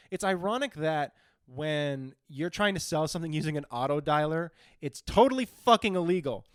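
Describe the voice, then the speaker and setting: A man co-hosting a podcast, ranting in casual comic chat with heavy profanity, jumping from loud outbursts to low mutters. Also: clean tone, no echo, clean studio sound. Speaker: podcast co-host.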